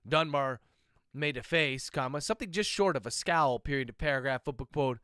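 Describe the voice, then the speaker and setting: A man, an author, dictating his novel aloud in steady prose, speaking each punctuation mark as he goes. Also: medium pitch, fairly quick, clear, resonant tone, no room sound, studio quality.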